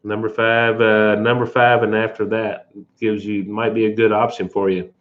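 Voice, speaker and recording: A man hosting a casual livestream in a relaxed way, reading viewer comments aloud and answering them. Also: on the low side, moderate pace. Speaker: livestream host. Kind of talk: casual live chat. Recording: dull lo-fi livestream audio.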